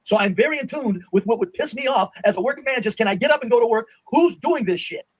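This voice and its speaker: A middle-aged man argues his point in a heated live-stream debate, blunt, insistent and quick to swear. His voice sits high and his words come fast. The sound is dry and close. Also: no echo, rough recording. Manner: blunt, insistent, swears, drops to a low grumble.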